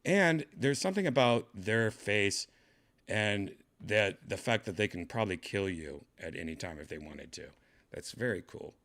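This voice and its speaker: A man's voice: lowish voice, lively intonation, moderate pace, a bit bright. A man hosting a casual home vlog, rambling in a laid-back way while showing his cats in a room at home. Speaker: host showing his pets.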